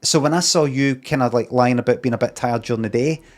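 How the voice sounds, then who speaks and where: A Scottish man impersonating a clever male TV panelist, musing aloud in a halting way. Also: mid-range voice, natural voice.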